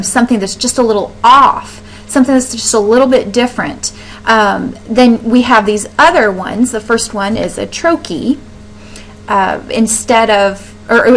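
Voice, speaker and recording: A woman teacher talks her way through a recorded slide lecture in a loose, chatty manner, with plenty of fillers and restarts. Now and then she slows right down to sound out stressed syllables. A faint hum sits under the recording. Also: mid-range voice, rough recording.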